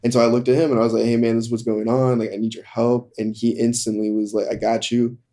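A young man candidly telling a hard personal story in conversation, halting and full of fillers. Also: medium pitch, little pitch movement, mellow. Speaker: guest.

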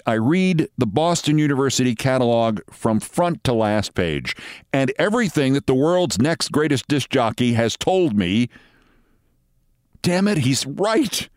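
Male host, personal anecdote, wry and vivid, mid pitch, dry close mic. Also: dry recording. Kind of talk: personal storytelling monologue. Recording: dry close studio sound.

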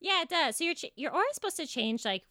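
A woman's voice: high-pitched, lively intonation, rapid-fire, pushed and bright, no echo, studio quality. A woman co-hosting a podcast in playful, casual chat, with lots of "like" in her talk. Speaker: podcast co-host.

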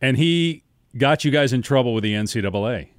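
A man hosting a sports podcast, asking questions in a relaxed, conversational way. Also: medium pitch, fairly quick, no echo, studio quality. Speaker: podcast host and sports broadcaster. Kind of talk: casual interview chat.

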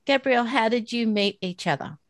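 A woman's voice: fairly high pitch, fairly quick, no echo, clean studio sound. A woman, hosting a podcast and introducing her guests in a friendly manner. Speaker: podcast host.

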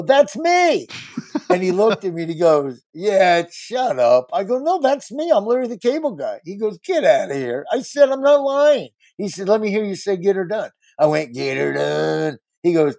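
A man's voice: sits high, normal speed, no echo. A man, a comedian, telling a casual anecdote and acting out the other people in it. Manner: animated storyteller who acts out voices. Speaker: comedian guest. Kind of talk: casual storytelling.

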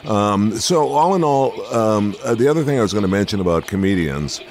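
An older man hosts a relaxed interview with a fairly low voice. He jokes easily and rambles, often trailing off mid-thought and circling back. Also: brisk. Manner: chatty, jokey, trails off and restarts. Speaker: radio and podcast host. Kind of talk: casual interview chat.

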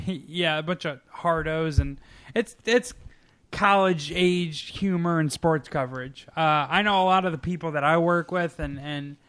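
A man's voice: on the high side, fairly bright tone, clear, resonant tone, no echo. A man co-hosting a casual podcast, talking loosely with frequent restarts and swearing. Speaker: podcast co-host. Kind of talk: casual chat.

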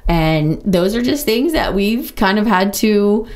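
A woman hosting a podcast, talking openly and casually about her own life, with lots of "like" and quick asides. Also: medium pitch, lively intonation, darkish tone. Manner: open, chatty, full of "like" and quick asides. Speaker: podcast host. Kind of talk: candid personal monologue.

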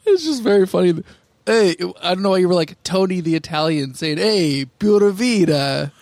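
Male podcast co-host, raised pitch, quick-witted interjector. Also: lively intonation, darkish tone, no echo. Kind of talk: casual comedy podcast chat.

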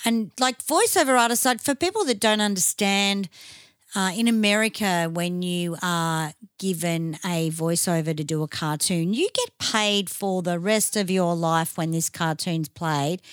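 An Australian woman chats bluntly, swearing often and laughing easily. Her voice is a little low for a woman and sounds close and dry. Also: measured pace, clean tone, dry recording. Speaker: podcast co-host. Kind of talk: casual chat.

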